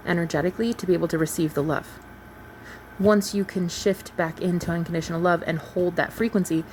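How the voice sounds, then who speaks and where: With a lowish, darkish voice, this woman in her thirties, a manifestation coach, addresses her viewers earnestly in a laid-back spiritual vlog. The low-quality audio picks up slight background noise.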